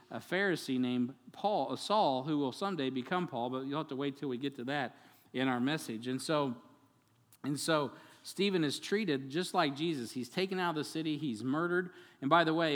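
A man preaching a sermon as pastor, animated and conversational, acting out quotes and adding asides to the congregation. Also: medium pitch, long reverb tail. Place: church sanctuary.

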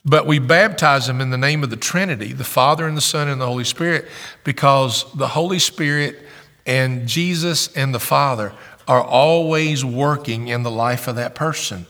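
A male pastor preaches with an earnest, questioning manner, often doubling back on his own words. His voice is gravelly and bright. It rings with the long reverb of a church sanctuary. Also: medium pitch, normal speed. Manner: earnest, questioning, repeats phrases. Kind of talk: sermon.

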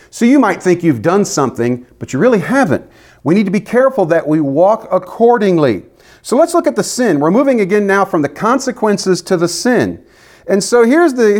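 Animated, high-voiced male preacher. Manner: emphatic, animated preaching with dramatic quoted voices. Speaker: pastor. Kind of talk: expository sermon.

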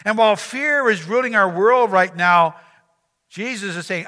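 A man's voice: high-pitched, a little slow, pushed and bright, in a large hall. A man preaching a sermon as pastor, earnest, repeating phrases and asking the congregation rhetorical questions.

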